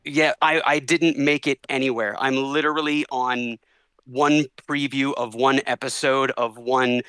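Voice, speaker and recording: A young man telling stories as a podcast guest, animated and quick in bursts. His voice is bright and sits a little high. The recording is dry and close, with no room echo. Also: smooth. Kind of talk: casual storytelling interview.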